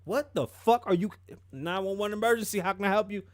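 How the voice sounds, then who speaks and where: A man's voice: sits high, brisk, dry recording, voice pushed up, lightly acted. A man voicing an exasperated male emergency operator who brushes off a caller. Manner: exasperated, brusque.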